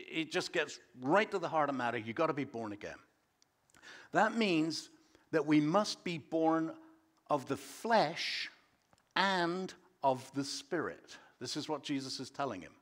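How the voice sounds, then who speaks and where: Brief: a pastor in church, pitched slightly high, chatty and animated. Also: male voice, normal speed. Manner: conversational, animated storytelling. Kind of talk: sermon.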